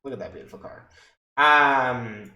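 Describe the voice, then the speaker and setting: Brief: young man streaming, loose and swearing, mid-pitched, echoey room. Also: a little slow, bright, forceful tone, muffled recording. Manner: rambling and profane, checks in with "okay?" and "right?". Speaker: EMS worker telling stories on stream. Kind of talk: casual storytelling on a livestream.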